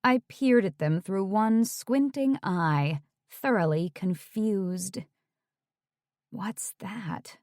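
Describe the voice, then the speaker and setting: A woman narrating a romance audiobook in the first person, measured and wry, on a close studio mic. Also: medium pitch, darkish tone, no room sound.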